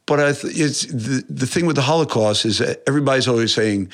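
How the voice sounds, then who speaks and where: A man from New York, a musician, talking in a casual interview, animated, swearing often and rambling with many restarts. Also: mid-range voice, fast talker. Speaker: musician guest.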